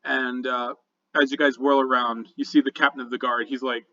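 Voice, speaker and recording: A man's voice: mid-range voice, level tone, a little fast, pushed and bright, dull audio. Casual male game master. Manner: casual, filler-heavy narration. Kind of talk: narrating a tabletop game.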